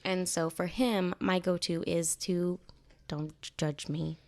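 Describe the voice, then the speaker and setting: A woman's voice: lowish voice, steady tone, slow pace, a little mellow. A woman co-hosting a podcast, chatting casually about her kids and laughing often. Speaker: podcast co-host. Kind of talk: casual chat.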